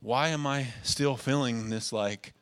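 Earnest pastor preaching, emotional. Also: male voice, medium pitch, measured pace, a bit bright, clean tone. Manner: earnest, emotional, repeats phrases. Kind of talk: sermon.

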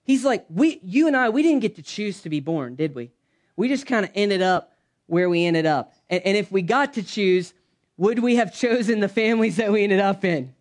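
In a church, a pastor gives a conversational sermon, hitting some lines loudly and dropping others into soft, low asides.

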